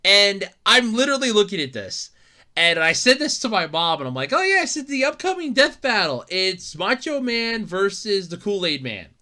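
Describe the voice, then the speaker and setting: A podcast host rambling through a casual solo rant, swearing and laughing often, exasperated and rising to shouts when worked up. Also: mid-range voice, very animated, moderate pace.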